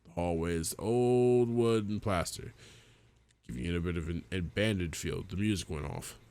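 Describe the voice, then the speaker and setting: Low-voiced man reading a game aloud. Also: moderate pace, a little mellow. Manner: casual, swears and jokes while reading. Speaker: gaming video host. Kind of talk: reading a visual novel aloud.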